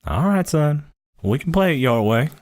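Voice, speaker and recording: A man voicing a gruff older father in a tabletop role-play, drawling and terse. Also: on the high side, sing-song, normal speed, darkish tone, no echo, clean studio sound, voice pushed up. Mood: laconic.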